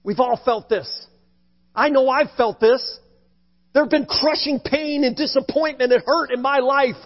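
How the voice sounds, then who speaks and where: High-voiced male pastor preaching in an echoing church. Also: a little slow. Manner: dramatic swings between emphatic and hushed delivery. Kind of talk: sermon. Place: church sanctuary. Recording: dull recording with long church reverb.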